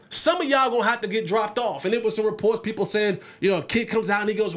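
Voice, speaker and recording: A man hosting a solo sports podcast, talking in an animated, emphatic way and often repeating words as he builds his points. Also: sits high, fast, few pauses.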